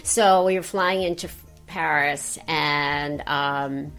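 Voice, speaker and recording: An older woman speaks in a somewhat low voice, telling rambling anecdotes full of little fillers and restarts. She sounds relaxed and conversational, as a guest on a podcast. Faint music runs underneath. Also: slow, clean tone. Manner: chatty storyteller, trailing off with fillers. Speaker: voice actress guest. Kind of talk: casual interview chat.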